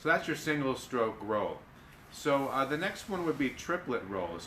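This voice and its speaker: A man teaching darbuka rolls in a live lesson, explaining in a relaxed, halting way with fillers and chanting drum syllables. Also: medium pitch, background noise. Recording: echoey room with loud drumming. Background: darbuka drumming.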